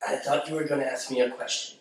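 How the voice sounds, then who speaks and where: A man's voice: medium pitch, little pitch movement, quick pace, vocal fry. A young man appearing as a guest on a casual comedic film review, bantering in a joking, crude way. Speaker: guest co-host. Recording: very echoey room, distant mic.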